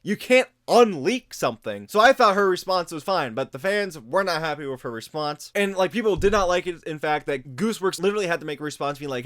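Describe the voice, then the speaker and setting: A man's voice: fairly high pitch, expressive, brisk, few pauses, a bit bright. A young man giving casual, sarcastic commentary on fandom drama, often exasperated and repeating himself. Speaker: commentary YouTuber.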